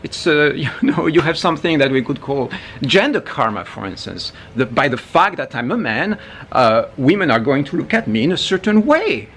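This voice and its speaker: A man talking casually to camera as a spiritual teacher, animated, with frequent asides and restarts. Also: on the high side, normal speed, slight background noise.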